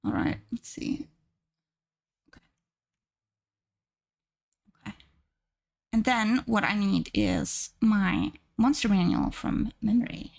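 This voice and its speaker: A woman streaming live and chatting casually with her viewers, repeating herself and gushing in high squeals. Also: slow pace, creaky, pauses often, a little mellow.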